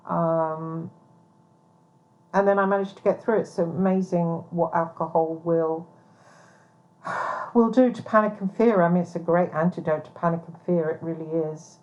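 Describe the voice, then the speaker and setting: A woman's voice: lowish voice, a little mellow. A woman giving a rambling personal monologue as a vlogger, hesitant with many ums, blunt and swearing. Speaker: private investigator vlogger. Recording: dull lo-fi recording.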